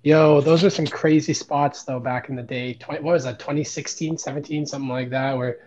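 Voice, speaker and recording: A man's voice: a little high, fairly even intonation, fairly quick, a little mellow. A man co-hosting a casual wrestling podcast, rambling with many fillers. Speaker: podcast co-host. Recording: dull lo-fi mic.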